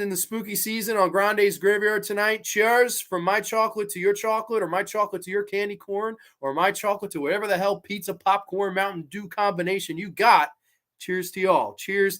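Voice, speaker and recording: A man's voice: sits high, fairly bright tone. A man hosting a casual horror livestream, reading chat aloud and chatting while snacking on candy. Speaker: livestream host.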